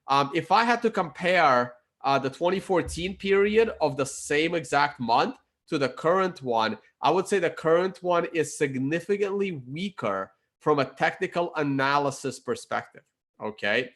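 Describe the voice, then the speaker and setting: Male chart commentator, higher voice, casual and halting, a bit croaky. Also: fairly bright tone. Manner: halting, many fillers and self-corrections. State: losing his voice, clearing his throat. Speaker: crypto chart analyst.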